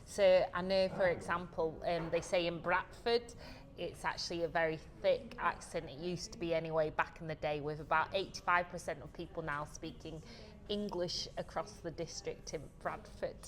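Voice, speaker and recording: A woman's voice: on the low side, fairly even intonation, moderate pace. A woman hosting a casual chat, talking in a chatty, playful way. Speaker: host. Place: restaurant in a casino. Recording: busy room with crowd noise.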